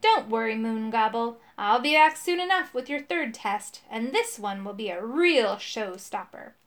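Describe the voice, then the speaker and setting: A woman's voice: fairly high pitch, lively intonation, measured pace. A woman reading aloud, voicing a haughty, nasty male magician who snaps at others. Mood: sly. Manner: haughty, snappish.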